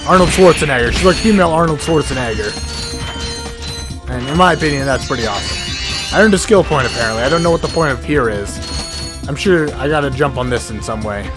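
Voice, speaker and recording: A man giving rambling, excitable gameplay commentary as the host of a let's play, often cutting himself off mid-thought and swearing casually. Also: mid-range voice, fairly quick. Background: game music and sound effects.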